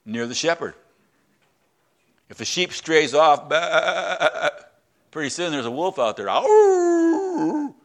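A male pastor preaching a sermon in a conversational way, with halting restarts and drops into quiet, prayerful tones. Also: on the high side, animated.

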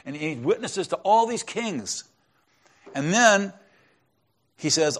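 A man preaching a sermon in a conversational storytelling way, often dropping to a hushed tone to drive a point home. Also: on the high side, lively intonation, normal speed. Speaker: pastor.

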